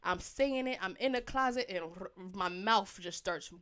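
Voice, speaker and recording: A woman co-hosts a casual faith conversation. She tells personal stories with lively swings of pitch and loudness. She acts out her past reactions as she goes. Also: normal speed, a crowd in the background. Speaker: podcast co-host.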